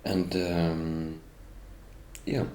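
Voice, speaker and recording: A man's voice: deep voice, little pitch movement, very slow, dark tone, a little hiss or hum. A middle-aged man, an English speaker, giving a bitter, indignant first-person account as an interviewee and turning to address the police directly. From Norway. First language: Norwegian. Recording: roomy echo with faint ambience.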